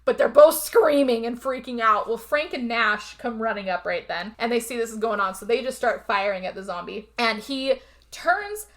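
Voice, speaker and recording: A woman co-hosting a podcast who retells a movie's plot in a casual, animated way, full of fillers and swearing. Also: fairly high pitch, normal speed. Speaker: podcast co-host. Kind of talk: casual movie recap chat.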